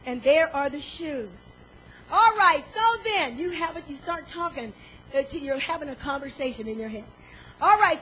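A woman preaching a sermon, animated, acting out inner voices and swinging between loud and soft. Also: high voice, slight background noise, rough recording.

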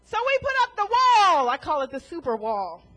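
A woman's voice: very high-pitched, huge pitch swings, moderate pace, pushed and bright. A woman preaching a sermon to a congregation in a church, emphatic and full of rhetorical questions, chuckling between points.

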